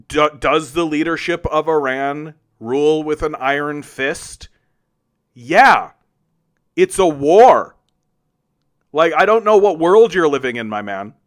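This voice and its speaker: A man hosting a solo political commentary show, arguing with chat in a combative, sarcastic and profane way. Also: on the high side. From Canada.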